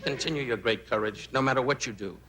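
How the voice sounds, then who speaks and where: A middle-aged man delivering rapid-fire insult jokes with mock tenderness at a celebrity roast. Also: mid-range voice, a crowd in the background. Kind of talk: stand-up roast. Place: large banquet stage. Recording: echoey stage with loud audience noise.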